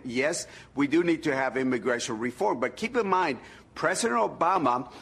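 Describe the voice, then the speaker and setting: A man in a played clip, commenting in a measured way and stressing his key words. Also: fairly high pitch, expressive, a bit bright, slightly rough.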